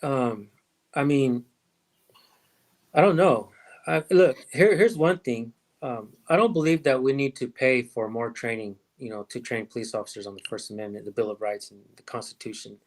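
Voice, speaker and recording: A man's voice: medium pitch, normal speed. A man hosting a livestream about police accountability, talking in a rambling, reflective way that often trails off. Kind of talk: casual livestream chat.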